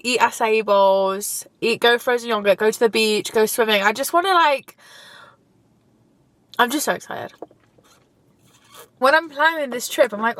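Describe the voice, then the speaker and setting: A young woman with a fairly high, slightly bright voice vlogs casually from inside her car, chatting as she drives. She gushes and talks freely, becoming tearful now and then; the recording has no echo.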